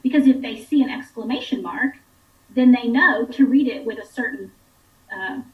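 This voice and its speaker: A woman's voice: on the high side, normal speed, echoey room, distant mic, phone-quality sound. A woman instructional coach patiently explaining reading skills to parents. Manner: patient, clear teacherly explaining.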